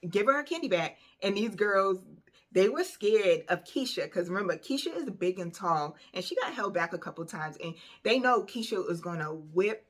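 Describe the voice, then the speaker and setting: A woman telling a personal story in a casual vlog, animated and conversational, with plenty of fillers. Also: mid-range voice, moderate pace. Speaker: vlogger.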